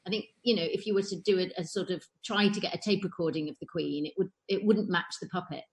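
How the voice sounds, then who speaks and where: A woman's voice: lowish voice, quick pace, slight background noise. A woman, an impressionist guest, chatting in an interview with a hesitant, giggly manner. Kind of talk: casual interview chat.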